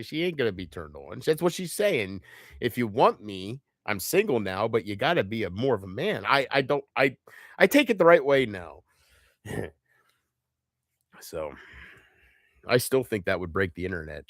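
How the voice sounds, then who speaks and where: A man's voice: on the low side, a bit bright, no room sound, clean studio sound. A man rambling in a live chat, profane and self-mocking, laughing often between thoughts. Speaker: livestream host.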